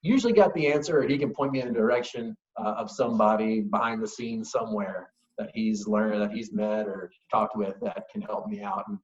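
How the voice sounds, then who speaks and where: A man's voice: fairly low pitch, animated, a little fast, vocal fry, hardly any pauses. A man, a whiskey brand ambassador, telling stories as a guest in a casual interview, with an easygoing manner and frequent chuckles. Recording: echoey, dull lo-fi remote audio.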